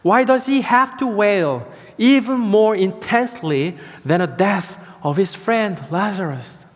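A man preaching a sermon as pastor, building emphasis with dramatic pauses and repeated key words. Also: high-pitched, lively intonation, big-room sound.

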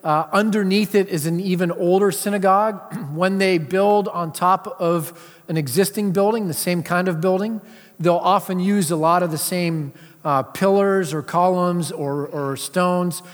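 A man's voice: high-pitched, steady tone, measured pace. A man giving a sermon as pastor, in a conversational way with frequent filler sounds. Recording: long reverb of a large hall.

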